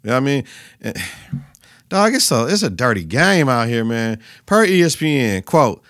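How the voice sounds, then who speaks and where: A man hosting a podcast, giving casual sports talk in a profane, animated style with lots of repetition. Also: medium pitch, normal speed, no room sound, clean studio sound. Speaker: podcast host.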